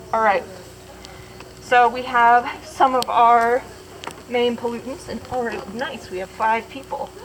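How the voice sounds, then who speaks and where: A woman's voice: a little high, a little hiss or hum, rough recording. A woman educator leading students around a model, asking questions and laughing easily. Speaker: station educator. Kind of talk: hands-on classroom lesson.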